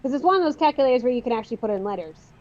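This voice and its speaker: A woman's voice: fairly high pitch, animated, racing, darkish tone. A woman hosting a casual group chat, restarting her sentences with frequent stammers. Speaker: artist and channel host. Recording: dull lo-fi sound.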